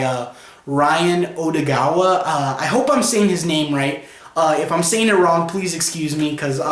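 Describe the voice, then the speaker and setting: A fairly high-voiced man talks through a comic book review in a loose, rambling way. He keeps leaning on "you know" and "he's like" as he retells the story. His voice rings around a bare, echoey room. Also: fairly bright tone. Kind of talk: casual spoken review.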